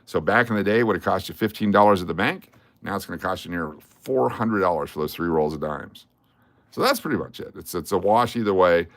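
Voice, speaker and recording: A man with a low, deep voice hosts a casual livestream and talks in a loose, rambling way. He reads out viewer names and song requests. The sound is dry and close, with no room echo. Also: fairly quick. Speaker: livestream host.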